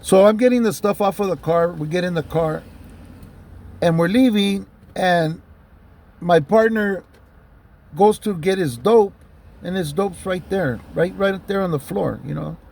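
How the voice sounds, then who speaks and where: A man recounts a story in a relaxed, unpolished way, dropping curse words and "you know" between thoughts. His voice has a rough, gravelly texture and sits a bit higher than most men's. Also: measured pace. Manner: loose and profane, many fillers like "you know". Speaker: storyteller recounting a police stop. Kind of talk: casual spoken storytelling.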